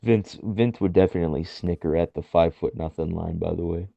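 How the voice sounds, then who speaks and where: A man co-hosting a casual wrestling podcast, wry and quick to laugh. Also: sits low, creaky, mellow, no room sound. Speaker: podcast co-host. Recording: dull lo-fi dry recording.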